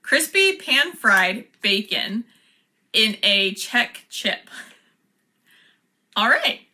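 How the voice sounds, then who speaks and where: A woman's voice: on the high side, very animated, very slow, pauses often, bright, forceful tone. A woman chatting casually as she unboxes and taste-tests snacks, laughing often. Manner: chatty, laughs often, reads product cards aloud. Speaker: vlogger.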